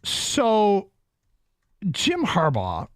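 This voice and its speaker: Hosting a sports talk radio show in a studio, a man takes calls and makes his points deliberately, repeating phrases for emphasis. His voice sits high with huge swings in pitch, and there's no echo.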